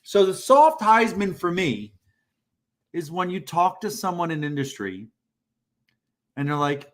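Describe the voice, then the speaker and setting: A man's voice: high-pitched, big pitch swings, unhurried, pauses often. A man co-hosting a job-search livestream, talking casually and bluntly, saying plainly what he thinks people need to hear. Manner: blunt, direct, self-described band-aid ripper.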